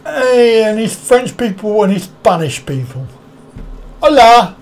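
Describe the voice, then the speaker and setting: A man's voice: high-pitched, lively intonation, unhurried, darkish tone. A man hosting a casual live stream, rambling, chuckling often and answering viewers' comments one by one.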